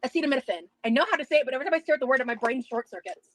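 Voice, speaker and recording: A woman's voice: sits high, racing, a bit bright, no echo, rough recording. Breathless woman rambling on a livestream. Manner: rambling, reads chat aloud. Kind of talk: casual livestream chat.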